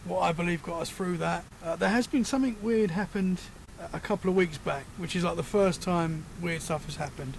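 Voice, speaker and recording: A man's voice: high voice, fairly quick, vocal fry, few pauses, a little hiss or hum. A man with a British accent, a podcast guest chatting casually and telling rambling stories that he keeps correcting as he goes. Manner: rambling, self-correcting storyteller. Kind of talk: casual chat.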